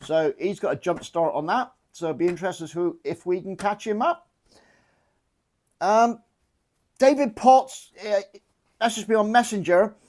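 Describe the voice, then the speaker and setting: A man's voice: high voice, a little slow, long pauses, darkish tone. A middle-aged man with a Cornish English accent, chatting casually to camera about his garden in a joking, self-mocking way. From Cornwall, England. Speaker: gardening vlogger.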